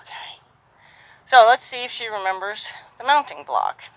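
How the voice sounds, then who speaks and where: A horse trainer working a horse outdoors, speaking calmly and giving repeated soft praise while explaining each step. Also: mid-range voice, normal speed, dry recording, rough recording. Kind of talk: live training commentary.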